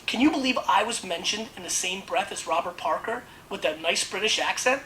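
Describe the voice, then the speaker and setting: A man hosting a casual wine tasting video, talking in a brash, blunt and excitable way. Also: high voice, brisk, few pauses, poor audio. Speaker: host.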